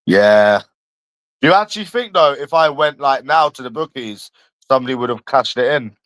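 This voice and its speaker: A man's voice: mid-range voice, animated, normal speed, fairly bright tone, dry recording. A man from London chatting casually on a livestream, rambling and addressing a viewer by nickname.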